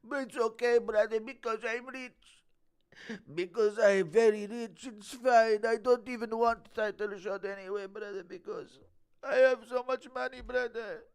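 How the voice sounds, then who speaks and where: A smug, wealthy fighter brags in broken English about money and jets, as a man puts him on. The voice sits well above his normal pitch, drawn out and exaggerated, with a clean, smooth tone. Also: fairly even intonation, rough recording. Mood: smug mocking. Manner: mock-cheerful, exaggerated, drawn-out.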